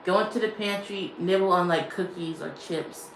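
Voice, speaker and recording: Speaking at normal speed in a fairly low voice, a woman vlogger chats casually with her stream, laughing a lot and repeating herself as she rambles on. The low-quality recording is reverberant with slight background noise.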